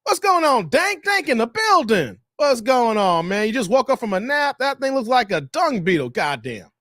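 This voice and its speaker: A man's voice: very high voice, sing-song, moderate pace, a bit bright, dry recording. A man hosting a live stream, joking in slangy casual chat and reading out viewer messages.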